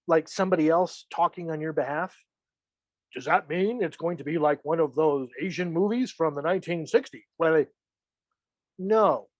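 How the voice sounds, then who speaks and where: High-voiced man teaching casually. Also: no echo. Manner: chatty, joking, acts out imagined reactions. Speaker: filmmaking instructor.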